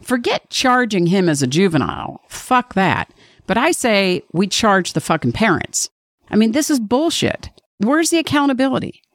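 A woman's voice: medium pitch, very animated, normal speed, no echo, clean studio sound. A woman hosting a podcast, giving blunt, sarcastic commentary with heavy swearing. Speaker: podcast host. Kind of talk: casual opinionated commentary.

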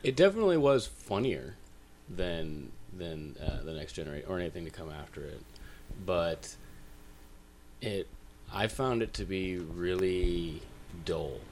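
A man in his thirties, a podcast guest, talking in a hesitant, low-key way. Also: animated, measured pace, a little mellow, slight background noise. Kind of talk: casual interview chat.

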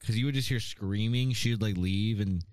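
A man's voice: lowish voice, moderate pace, a little mellow, smooth, no echo. A man co-hosting a podcast, telling casual, profane, rambling stories. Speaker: podcast co-host. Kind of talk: casual chat.

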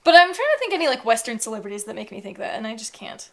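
A young woman co-hosting a podcast in casual chat, rambling with lots of fillers and animated outbursts. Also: on the high side, rapid-fire, gravelly. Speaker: podcast co-host.

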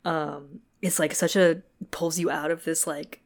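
Low, laid-back woman co-host, casual book talk, swears freely, lots of fillers. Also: flat delivery, a little slow. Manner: casual, swears, laughs often, heavy "like" fillers. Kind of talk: casual chat recapping a novel.

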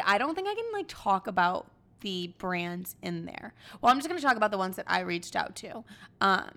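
Young woman, podcast host, mid pitch with heavy fry, brash and chatty. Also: fairly bright tone. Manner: candid, swearing, dramatic storytelling. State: hungover. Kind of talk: casual chat.

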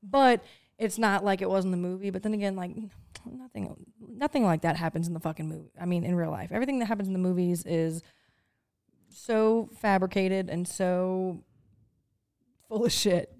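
A woman's voice: fairly low pitch, normal speed, a little mellow. A young woman co-hosting a podcast in casual chat, blunt and joking, swearing freely. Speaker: podcast co-host.

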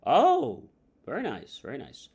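Brief: pushy prying salesman, quick and eager, voiced by a man in a role-play. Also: on the low side, expressive, natural voice. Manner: chatty, eager, nosy.

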